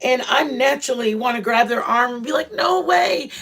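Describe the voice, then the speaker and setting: A woman's voice: fairly high pitch, fairly quick, creaky, fairly bright tone. A middle-aged woman hosting a casual livestream chat. She talks bluntly and rambles, with lots of fillers and restarts. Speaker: channel host chatting with live viewers.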